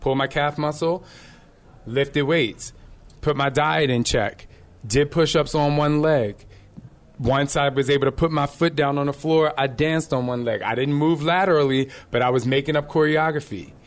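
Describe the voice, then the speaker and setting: A man hosting a live podcast, telling fitness stories to his listeners in a lively, direct way with laughing asides. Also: fairly high pitch, normal speed. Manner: animated storyteller with laughing asides. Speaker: podcast host and fitness trainer. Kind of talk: live podcast talk to an audience. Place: live event venue.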